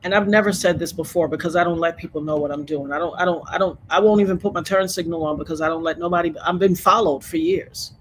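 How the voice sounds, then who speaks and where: A woman's voice: fairly low pitch, quick pace, hardly any pauses, slight background noise. Emphatic, outspoken woman guest. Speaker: interview guest. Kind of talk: animated interview talk.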